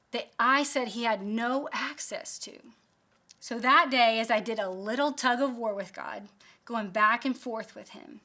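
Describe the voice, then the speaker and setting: Woman, thirties, Bible study teacher, candid self-deprecating storytelling, bright tone. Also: a little high.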